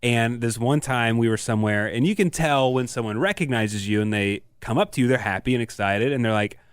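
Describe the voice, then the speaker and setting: A man's voice: medium pitch, brisk, clear, resonant tone, no echo. A man co-hosting a casual podcast, talking in an easygoing way with hesitant phrasing. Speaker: radio show co-host.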